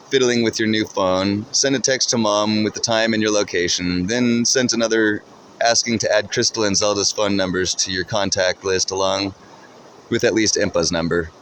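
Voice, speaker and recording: Low-voiced man reading a story. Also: a bit bright, a little hiss or hum. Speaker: narrator. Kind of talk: second-person story reading.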